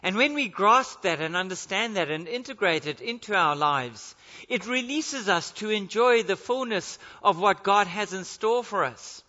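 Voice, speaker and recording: A man's voice: sits high, lively intonation, moderate pace, pushed and bright, in a large hall, dull audio. A man preaching a sermon, telling a story and then building to earnest emphasis.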